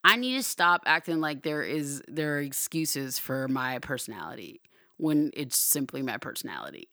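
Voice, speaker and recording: A young woman hosting her podcast in casual solo talk, chatty and playful, now and then loud and excited. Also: very deep voice, normal speed, dry recording. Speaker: podcast host.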